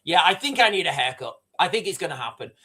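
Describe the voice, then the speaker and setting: Animated, high-pitched male livestreamer. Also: fast talker. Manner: rambling, repeats himself, reads out viewer comments. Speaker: livestream host. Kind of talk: casual livestream commentary.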